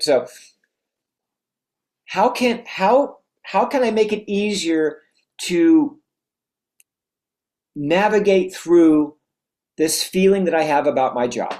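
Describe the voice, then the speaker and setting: An energetic motivational coach speaks to an audience that is writing notes. The talk runs on strings of rhetorical questions, and phrases often break off and start again. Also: medium pitch.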